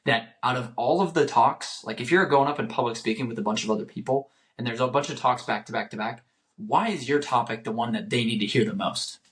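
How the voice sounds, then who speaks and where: A man's voice: medium pitch, fairly quick, a bit bright. A young man hosting a solo motivational podcast. He talks earnestly and repeats phrases for emphasis. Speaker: podcast host.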